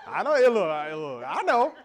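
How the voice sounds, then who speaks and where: A middle-aged pastor delivers a sermon in a slightly high voice. He preaches with animated energy, laughing along and acting out quoted exchanges. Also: normal speed.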